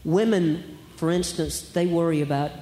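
Wry high-voiced man doing stand-up. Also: normal speed, mellow. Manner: wry, storytelling, rhetorical questions. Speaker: stand-up comedian. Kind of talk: stand-up comedy routine. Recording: echoey hall, faint background noise.

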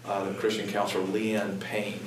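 A man earnestly talking about Christian parenting in a halting, emphatic way. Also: lowish voice, completely flat delivery. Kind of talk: conversational talk. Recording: echoey room, distant mic, background noise.

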